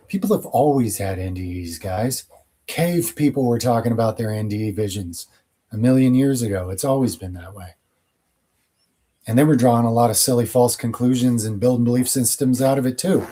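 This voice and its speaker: A man talks through viewer questions on his own channel in a loose, rambling way. He is blunt and opinionated, and his voice has a soft, mellow warmth in a middling register. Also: medium pitch, husky. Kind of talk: casual Q&A monologue.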